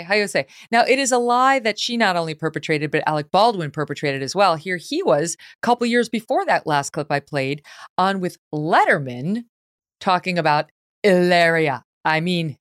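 A woman's voice: low-pitched, animated, moderate pace, no echo, studio quality. A woman hosting a podcast, talking casually and sarcastically and laughing often. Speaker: podcast host. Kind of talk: casual talk-show commentary.

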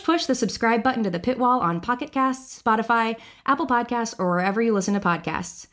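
A woman from Florida introducing herself, then reading a podcast ad in a friendly, upbeat way. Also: a little high. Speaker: contestant reading an ad. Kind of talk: self-introduction and ad read.

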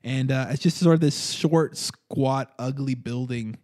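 A man narrating as game master of a tabletop role-playing game, in a relaxed way with many fillers. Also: medium pitch, a little slow.

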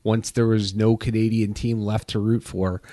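A man co-hosting a casual sports podcast, measured and sardonic. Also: fairly low pitch, little pitch movement, dark tone, no room sound, clean studio sound. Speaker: podcast co-host.

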